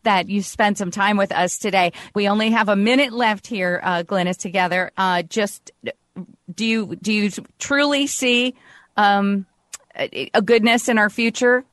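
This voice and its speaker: A woman's voice: medium pitch, fairly even intonation, normal speed, dry recording. A woman hosting an interview, full of gushing praise for her guest. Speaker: radio show host.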